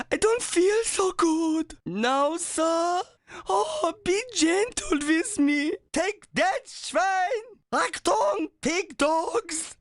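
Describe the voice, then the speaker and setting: A melodramatic pig soldier. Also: female voice, very high voice, no echo, full character voice. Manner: theatrical, self-pitying outbursts. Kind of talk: video game voice lines.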